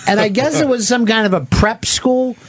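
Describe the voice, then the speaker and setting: Casual: high-pitched guy running a radio show, swears a lot, cracks jokes. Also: moderate pace, background noise. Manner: profane, joking, laughs often. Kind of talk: casual talk radio banter.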